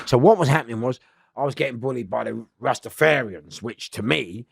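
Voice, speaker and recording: Gravelly, loud man telling stories. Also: medium pitch, fairly quick, no room sound, studio quality. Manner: animated, rambling, laughing as he tells stories. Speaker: interview guest. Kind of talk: storytelling in a podcast interview.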